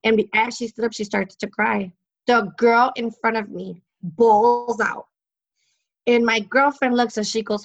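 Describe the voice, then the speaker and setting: A woman's voice: fairly high pitch, steady tone, moderate pace, muffled recording. A woman psychic in an interview, telling stories in a chatty way, laughing often and using many fillers. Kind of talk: casual interview storytelling.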